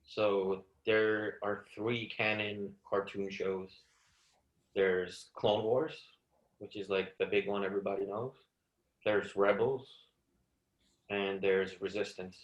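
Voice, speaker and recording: A man in relaxed casual chat who asks easygoing questions. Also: lowish voice, slow, roomy sound, dull audio. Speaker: co-host.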